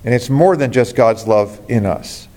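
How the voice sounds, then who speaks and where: A man's voice: medium pitch, measured pace, a little mellow. A man preaching a sermon as a pastor, earnest and rising to emphatic exclamations.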